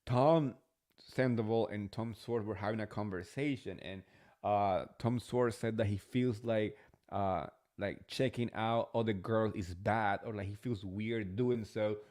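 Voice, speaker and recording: A man's voice: lowish voice, a little slow, darkish tone. A man hosting a casual reality TV recap, chatty and gossipy, swearing freely. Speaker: host.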